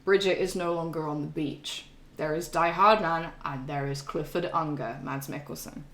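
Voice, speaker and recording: A woman's voice: deep voice, fairly even intonation, normal speed, fairly bright tone, echoey room, a little hiss or hum. A young woman streaming a game and recapping its story in a casual, chatty, sweary way. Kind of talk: casual chat.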